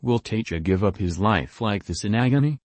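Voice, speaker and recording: A man's voice: on the low side, expressive, normal speed, darkish tone, no room sound. A man voicing a humble, devoted male disciple who pleads earnestly in a storytelling reading.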